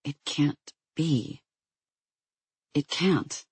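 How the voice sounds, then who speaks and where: Narrator voicing a frightened young girl, soft and hesitant. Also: mid-range voice, drawn-out words, husky, dry recording, exaggerated voice. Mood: uneasy.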